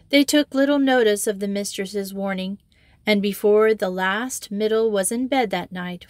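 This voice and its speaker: Woman narrator, audiobook reading, measured, mid pitch, dry close mic. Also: no room sound. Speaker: audiobook reader. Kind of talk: reading a children's novel aloud.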